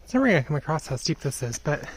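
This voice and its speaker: A woman's voice: low-pitched, sing-song, racing, a little hiss or hum. A woman narrating a casual outdoor vlog in a chatty, upbeat, self-deprecating way, talking into a handheld camera. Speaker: solo sailor vlogger. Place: outdoors, on a sailboat and hiking trail.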